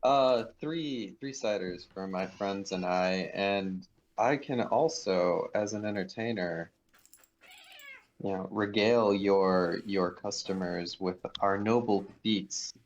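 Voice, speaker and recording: A man's voice: deep voice, slow pace, dull audio. A man playing a bard in a tabletop game, talking playfully in character. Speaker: player. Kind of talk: tabletop role-play.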